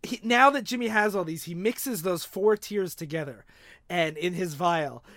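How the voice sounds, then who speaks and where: A man's voice: high voice, moderate pace, no echo. Man animatedly retelling a comic plot. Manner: animated retelling, quoting characters with laughs. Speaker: podcast co-host. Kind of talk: casual comic book discussion.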